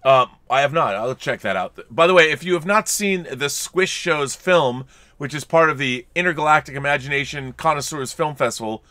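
His voice is a little high, pushed and bright, at a moderate pace with no echo. He's co-hosting a laid-back film podcast in a collectible-filled home studio, cracking jokes and reading viewer super chats out loud.

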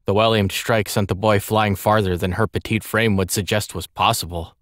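A man reading a story aloud as an audiobook narrator, in a measured, expressive way. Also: fairly low pitch, no echo, clean studio sound. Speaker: audiobook reader.

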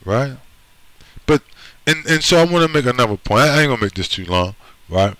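A man's voice: medium pitch, animated, fairly quick, a bit bright, dry recording, rough recording. A man from the United States in a blunt, profane monologue who keeps checking in with "right?" and "you see?". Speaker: video commentator. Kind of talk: emphatic monologue.

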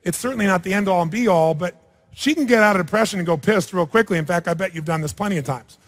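Man, seminar leader, high voice, blunt, provocative, long hall reverb. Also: fast, a bit bright. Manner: blunt, provocative, swears freely. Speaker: seminar leader coaching a participant on stage. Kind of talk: live seminar coaching. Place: large hall with audience.

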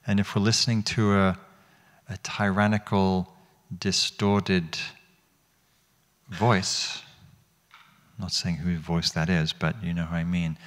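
A man's voice: deep voice, level tone, slow, pauses often. A man teaching meditation to an audience in a hall, speaking reflectively and asking them questions, often restarting his phrases. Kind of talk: dharma talk.

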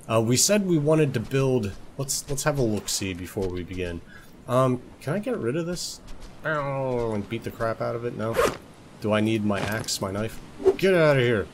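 A man's voice: lowish voice, slight background noise. A young man giving casual gameplay commentary as a let's play host, joking, swearing lightly and talking to things in the game. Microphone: desktop recording mic.

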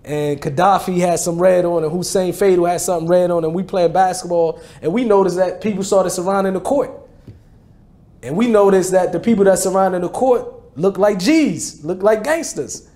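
Man in his 40s from New Jersey, high but mellow voice, slangy personal storytelling. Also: normal speed. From New Jersey, USA. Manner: casual street slang, frequent "you know what I mean" and restarts. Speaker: former rapper telling his life story.

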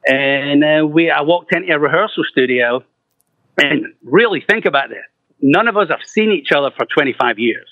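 Profane middle-aged rock singer telling stories. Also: male voice, on the high side, lively intonation, moderate pace, gravelly, no room sound. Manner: profane, laughing, acts out quoted voices. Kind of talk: casual storytelling. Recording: muffled, lo-fi, dry.

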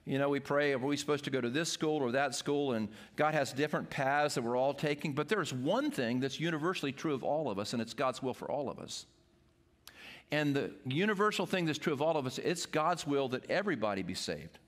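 A man's voice: medium pitch, lively intonation, a little fast. An older man, a pastor, preaching an earnest sermon to his congregation.

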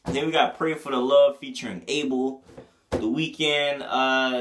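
A man's voice: fairly high pitch, steady tone, unhurried, a bit bright, a little hiss or hum. A man giving a casual, profane album review, full of slang and breaking into bits of the lyrics. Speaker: music reviewer.

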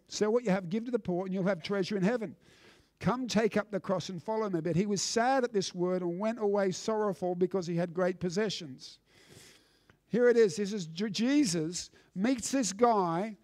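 High-voiced man preaching a sermon. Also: a little mellow, no echo, clean studio sound. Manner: emphatic preaching with repeated restarts. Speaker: pastor. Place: church.

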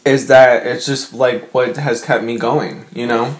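A man's voice: medium pitch, steady tone, measured pace. A young man vlogging from his bedroom, chatting to his viewers in an emotional, rambling way with lots of fillers. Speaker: mukbang vlogger. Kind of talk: casual chat to camera.

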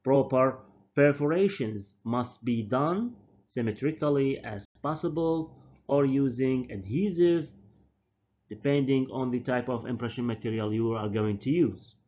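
A man, a native Arabic speaker, giving a university dental lecture slowly and deliberately, often repeating and correcting his terms. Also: mid-range voice, a little mellow. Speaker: dental professor. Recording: dull lo-fi lecture recording.

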